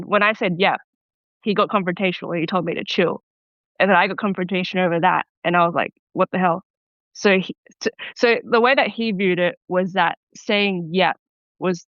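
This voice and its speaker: A young woman calling into an advice show, recounting a fight with many halting restarts. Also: lowish voice, fairly bright tone, no echo. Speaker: caller. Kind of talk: call-in advice conversation. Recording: muffled phone-line caller audio.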